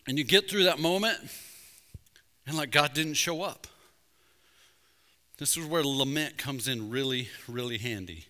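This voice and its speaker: A man preaching a sermon as pastor, conversational with jokes, rising to loud emphasis at points. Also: mid-range voice, unhurried, pauses often. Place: church sanctuary. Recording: reverberant church sanctuary.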